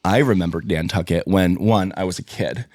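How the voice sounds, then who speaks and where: A young man tells stories in a playful, animated way. He co-hosts a relaxed podcast chat, recorded dry and close to the mic. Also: sits low, moderate pace, no room sound. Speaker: co-host.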